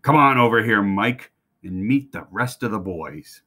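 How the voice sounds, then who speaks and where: A man's voice: fairly low pitch, expressive, normal speed, husky. A man as a kindly horse trainer. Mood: firm. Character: horse trainer, older man, usually soft-spoken.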